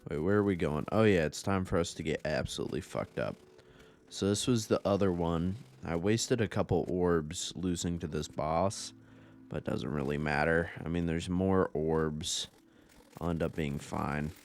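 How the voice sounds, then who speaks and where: A man's voice: sits low, normal speed. A young man rambling through casual gameplay commentary, laid-back and profane, often laughing at his own stories. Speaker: gaming YouTuber.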